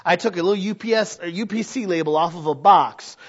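A middle-aged male pastor preaching a sermon in a church, talking conversationally and building to loud exhortation. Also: sits high, a little fast, breathy edge. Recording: dull lo-fi recording.

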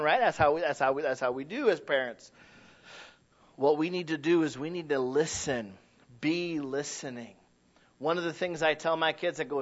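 A man preaching a sermon as pastor, animated and folksy, swelling loud and then dropping low. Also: moderate pace. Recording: dull lo-fi recording.

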